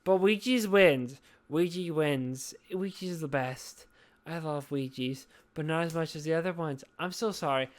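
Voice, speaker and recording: A woman's voice: low voice, a little slow. A drunk woman hosting a casual podcast chat, rambling, swearing and apologizing over and over. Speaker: podcast host.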